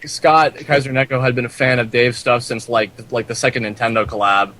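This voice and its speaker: A man hosting a casual group chat, excitable, swearing a lot and laughing easily. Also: medium pitch, a little fast, no echo.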